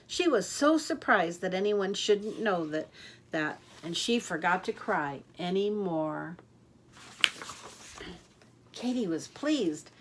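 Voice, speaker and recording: An older woman reading a children's picture book aloud in a lively, expressive way. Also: on the low side, takes it slowly, pauses often, slight background noise. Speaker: storyteller. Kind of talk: children's story read-aloud.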